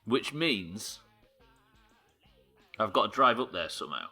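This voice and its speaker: A man's voice: fairly low pitch, sing-song, a little slow, sharp tone, breathy edge, soft background music. A man chatting casually while playing a game on a live stream, swearing and joking as he plans each move. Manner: sweary, joking, thinking aloud. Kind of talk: casual gameplay commentary.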